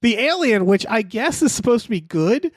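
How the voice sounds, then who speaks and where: A man with a high-pitched voice riffs through a casual movie-review chat, swearing freely and slipping into little quoted voices. He sounds wry and offhand. The room around him is dry, with no echo. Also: big pitch swings, normal speed. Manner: profane, wry, acts out quoted people. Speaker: podcast co-host.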